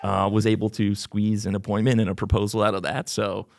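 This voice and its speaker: A young sales rep telling work stories in a relaxed podcast chat, full of ums and small laughs. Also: male voice, on the low side, fairly quick, vocal fry, faint music behind. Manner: relaxed storyteller with fillers and laughs. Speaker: new business development rep, guest.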